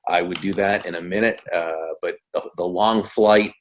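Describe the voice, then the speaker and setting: A man in his sixties, a guest author in a casual interview, relaxed and trailing off softly at the ends of phrases. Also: sits low, moderate pace, slight background noise. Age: 60s.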